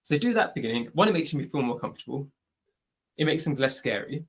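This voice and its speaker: A man's voice: mid-range voice, animated, quick pace, slightly rough. A British man who hosts a podcast, answering questions on a video call in a chatty, advice-giving way, often adding "like" and "right?". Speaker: podcast host. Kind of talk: live online Q&A answer.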